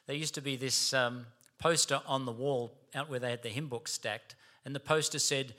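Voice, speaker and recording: A man's voice: mid-range voice, steady tone, moderate pace, hardly any pauses, bright, forceful tone. A man preaching a sermon, storytelling and emphatic. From Australia.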